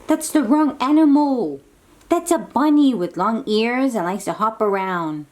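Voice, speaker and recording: A woman reading a picture book aloud to toddlers, animated and sing-song and coaxing, sometimes dropping to soft whispers. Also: a little high, measured pace. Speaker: children's book reader.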